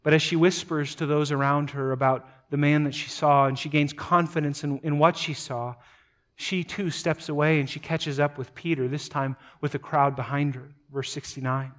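A man delivering a sermon with a somewhat high voice. He retells a scripture story with dramatic swings, building to loud emphatic peaks and then dropping to hushed, low asides. He often doubles up words as he goes. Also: steady tone, normal speed. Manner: repeats words as he speaks. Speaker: pastor.

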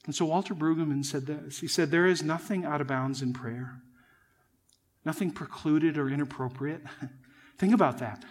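A pastor delivers his sermon in a fairly high male voice, earnest and emphatic. He presses his points home and keeps turning to the congregation as friends. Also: moderate pace. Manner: earnest, emphatic preaching, addresses listeners as friends.

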